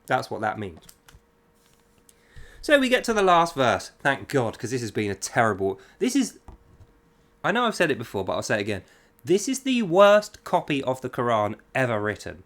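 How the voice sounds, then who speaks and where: A man's voice: mid-range voice, huge pitch swings, moderate pace, fairly bright tone. Guy reading and mocking it, scornful tone, voice jumps all over the place. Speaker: host. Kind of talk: reading aloud with critical commentary.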